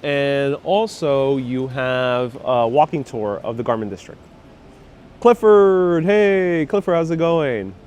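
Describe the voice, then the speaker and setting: A man's voice: medium pitch, lively intonation, slow, darkish tone, smooth. Chatty man live-streaming a street walk. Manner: chatty and upbeat, laughs often. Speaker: live-stream host walking the city. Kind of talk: casual live-stream chat reading viewer comments. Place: outdoors on busy city streets. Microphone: wireless clip-on mic with phone on gimbal.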